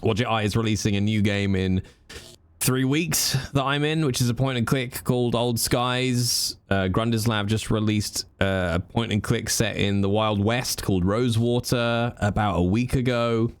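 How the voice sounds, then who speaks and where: A man's voice: lowish voice, steady tone, moderate pace, smooth, no room sound. A man chatting casually and jokingly while streaming a game. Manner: chatty, rambling, jokey. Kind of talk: casual live-stream commentary.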